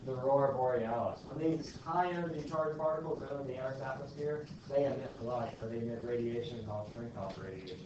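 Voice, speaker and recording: A man's voice: mid-range voice, fairly even intonation, fast talker, few pauses, crowd noise. Man lecturing a physics class. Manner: explains step by step, asks the class questions and tells asides. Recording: dull lo-fi classroom recording with faint hiss.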